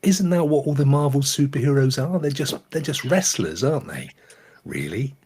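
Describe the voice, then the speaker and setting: A man's voice: mid-range voice, normal speed, breathy edge. A man co-hosting a gaming talk show, chatting casually and joking around with a lot of laughter. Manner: jokey, animated, laughs often. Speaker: podcast co-host. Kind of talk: casual chat.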